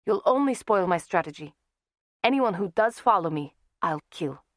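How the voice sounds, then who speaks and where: A woman voicing a cold, furious young vampire man who shouts at his friends. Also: lowish voice, normal speed, no room sound, studio quality, pitched above the performer's own voice, natural voice. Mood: cold threatening. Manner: shouting, terse, contemptuous.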